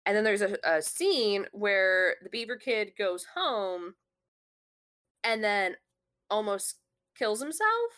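A woman's voice: medium pitch, big pitch swings, slow, a bit bright. A woman in casual conversation, telling a long story with many fillers and restarts. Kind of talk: casual chat.

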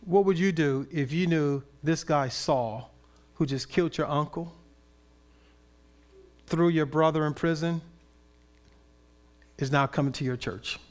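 A man preaching a sermon in an animated, conversational way with playful asides. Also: a little high, a little slow, long pauses. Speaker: pastor.

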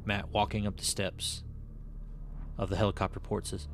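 A low-voiced man hosts a podcast and narrates a comic book aloud. His delivery is even and steady. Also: moderate pace, pauses often, faint music behind.

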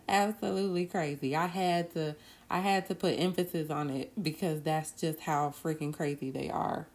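Woman, low-pitched, earnest solo podcast talk, slow with laughs. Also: fairly even intonation, a little mellow. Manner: earnest, drawn-out pauses, bursts of laughter. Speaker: podcast host.

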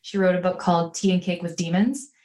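A woman hosting a podcast interview, asking reflective questions in a gentle, probing way with some "um"s. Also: on the low side, fairly even intonation, a little fast. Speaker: podcast host. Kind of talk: conversational interview.

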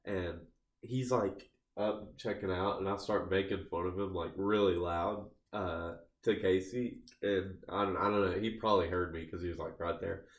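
A man with a lowish voice tells a story in loose, casual podcast chat. He rambles, restarts sentences and fills his speech with "like" and "uh." The room around him is noticeably echoey. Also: fairly even intonation, normal speed. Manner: rambling, heavy use of "like" fillers, restarts mid-sentence. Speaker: podcast co-host.

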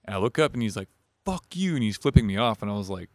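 A man with a lowish voice rattles off a rambling, profane story at a quick clip. He sounds casual and loose among friends on a podcast. The mic is close and dry. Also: darkish tone, no room sound. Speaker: podcast co-host.

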